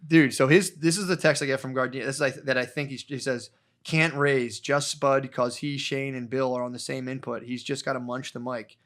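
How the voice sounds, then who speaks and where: A man's voice: medium pitch, steady tone, fairly quick, fairly bright tone. A man co-hosting a podcast, telling a long, rambling story in casual chat, full of swearing and acted-out quotes. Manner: rambling, profane, acts out quotes. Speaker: podcast co-host.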